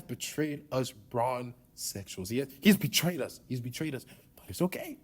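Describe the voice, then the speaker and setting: Male podcast host, casual sports talk, emphatic, lively pitch. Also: moderate pace, hardly any pauses, slightly rough. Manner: emphatic, opinionated, repeats himself.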